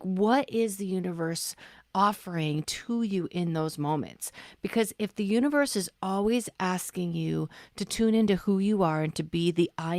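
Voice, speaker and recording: A woman with a slightly low voice talks through spiritual ideas in a calm, reflective way, often raising questions. Her voice is recorded close and dry. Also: no echo. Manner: thoughtful, poses questions. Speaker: podcast co-host.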